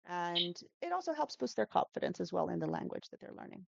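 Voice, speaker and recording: Gravelly-voiced woman teacher, chatty. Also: fairly low pitch, big pitch swings, a little fast, no room sound, highs cut off. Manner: chatty, many fillers and self-corrections. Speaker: English pronunciation teacher, interview guest. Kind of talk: casual interview answers.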